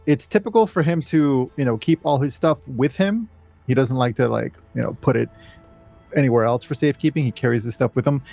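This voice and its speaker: Game master, male, mid pitch, relaxed pauses and fillers, faint music in the back. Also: gravelly. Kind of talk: narrating a tabletop game.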